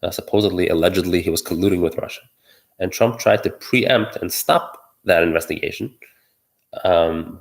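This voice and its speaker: A man's voice: low voice, normal speed, vocal fry. A man giving solo political commentary, arguing his point while thinking aloud, with many fillers and restarts.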